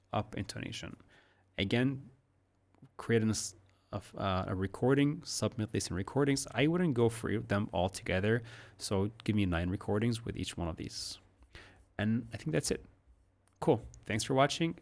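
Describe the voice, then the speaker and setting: In a recorded one-on-one lesson with screen annotation, a man with a low, creaky voice leads slow pronunciation drills. He speaks deliberate model sentences broken into segments, adding casual asides.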